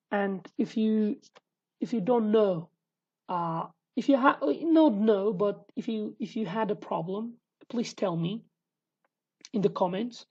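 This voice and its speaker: Woman teaching in halting English. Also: mid-range voice, warm tone, slightly rough, highs cut off. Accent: Sulaymaniyah Kurdish. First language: Kurdish. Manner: halting, many restarts, repeats example phrases slowly. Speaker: language teacher. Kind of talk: online language lesson.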